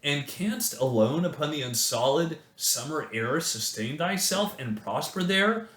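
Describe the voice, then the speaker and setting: A man's voice: a little high, lively intonation, a little slow, a bit bright, echoey room. A man putting on a fretting mother bird. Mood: fretful. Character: fretting mother bird, anxious about her grown chick.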